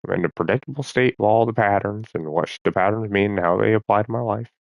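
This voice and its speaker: A man with a very low voice rambling through a profane vlog monologue. He talks as if to himself, circling back on his thoughts. The recording is close and dry. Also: quick pace, creaky, dry recording, lo-fi sound. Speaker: vlogger.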